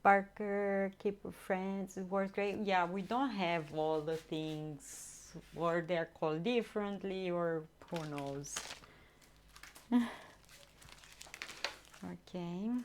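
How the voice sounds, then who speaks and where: A woman talks her viewers through a recipe in her home kitchen, chatty and unhurried, often stopping to hunt for the right word. Her pace is slow and easy. A faint hiss sits behind the voice. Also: lowish voice, steady tone. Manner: chatty, addresses viewers, searches for words. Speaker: streamer cooking live. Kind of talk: casual live-stream cooking chat.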